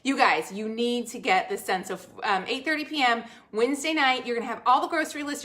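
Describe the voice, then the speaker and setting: A woman hosts a live cooking stream from her home kitchen, chatting upbeat and directly with viewers and reading out their comments as she cooks. Her voice sits on the high side, pushed and bright.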